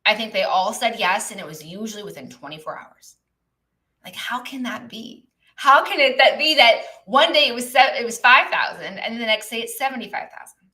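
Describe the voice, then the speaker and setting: A woman with a bright, forceful voice coaches her viewers through a live stream. She talks in a loose, conversational way, often tagging lines with "right?" or "okay?", and answers questions from the chat as they come in. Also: on the high side, expressive, a little fast. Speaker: business coach.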